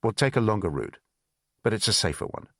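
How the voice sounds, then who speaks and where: A man voicing a gruff male Russian secret police agent with a Russian accent, blunt and threatening. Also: on the low side, big pitch swings, brisk, fairly bright tone, no room sound, clean studio sound, heavily acted. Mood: menacing.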